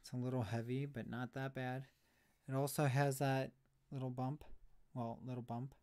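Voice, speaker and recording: A man's voice: medium pitch, fairly even intonation, moderate pace, darkish tone. A man chatting on a live stream about thrift finds, rambling and self-deprecating, sounding slightly out of breath. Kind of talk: casual live stream chat.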